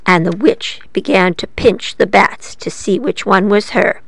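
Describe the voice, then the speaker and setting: A woman librarian telling a story to children, playful and lively, asking her listeners questions as she goes. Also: mid-range voice, unhurried, creaky, no room sound.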